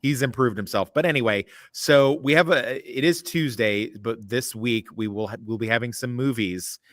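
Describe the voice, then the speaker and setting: A man's voice: mid-range voice, moderate pace, fairly bright tone, no echo, studio quality. A man hosting a casual podcast chat, rambling and cursing freely while he gives blunt opinions. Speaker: podcast host. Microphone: remote call mic.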